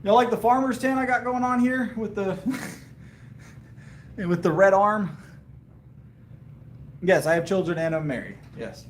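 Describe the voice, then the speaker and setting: A man's voice: sits high, a little slow, pauses often, echoey room, a little hiss or hum. A man, chatting casually with viewers on a live stream between lifting sets and answering their questions. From Southern US. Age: 30s. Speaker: powerlifting livestreamer.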